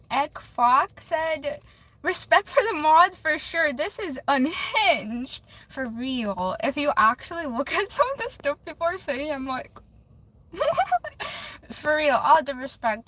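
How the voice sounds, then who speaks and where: A bubbly young woman chats with her livestream viewers and reads tarot cards for them, giggling often. Her voice sits high, with a bright, sharp edge. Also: expressive, a little slow, no room sound, low-quality recording. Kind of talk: casual livestream chat.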